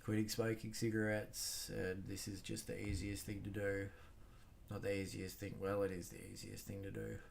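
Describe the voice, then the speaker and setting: A man's voice: fairly low pitch, level tone, normal speed, vocal fry, slight background noise. An Australian man hosting a solo podcast, talking bluntly and rambling with lots of swearing and fillers. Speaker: podcast host. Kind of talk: casual solo podcast monologue.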